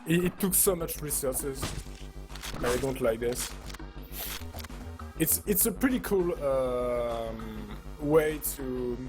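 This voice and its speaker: French-accented guy, halting casual chat, game music audible. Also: mid-range voice. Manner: halting, many fillers. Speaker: guest on voice call.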